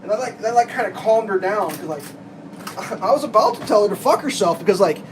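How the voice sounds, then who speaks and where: A man's voice: sits high, lively intonation, fairly quick, background noise. A man vlogging from his kitchen, telling an exasperated, rambling story with frequent restarts and laughs. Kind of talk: casual storytelling rant. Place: home kitchen, making breakfast.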